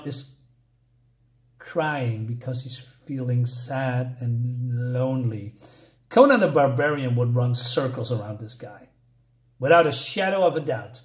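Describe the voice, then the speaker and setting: A man reviewing a comic book in casual talk, exasperated and sarcastic as he mocks the writing. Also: a little high. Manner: exasperated and sarcastic, mocking the dialogue.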